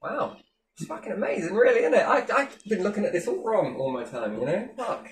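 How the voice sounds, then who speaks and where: A man's voice: sits high, very animated, fairly quick, slight background noise. A man delivering a mocking, sweary monologue with big sarcastic swings in tone.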